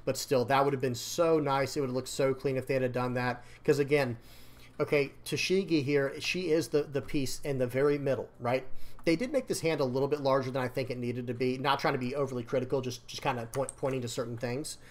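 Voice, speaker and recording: Male card game creator, casual rambling commentary, dry strained throat, mid-pitched. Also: fairly even intonation, fairly quick. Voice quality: slightly strained voice. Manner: rambling, repeats words, addresses viewers as guys. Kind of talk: casual commentary over screen.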